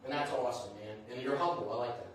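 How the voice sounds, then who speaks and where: A man's voice: medium pitch, very fast, slight background noise. A man hosting a live show, chatting loosely with guests and filling gaps with asides. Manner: rambling, chatty, lots of "you know what I mean". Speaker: host. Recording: very echoey hall from far off.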